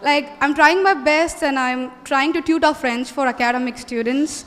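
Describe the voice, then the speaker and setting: Eager young woman student, high voice. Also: normal speed. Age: young adult. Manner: eager, mixes in French phrases. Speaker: student giving feedback. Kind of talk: casual spoken feedback. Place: college hall. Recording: hall reverb.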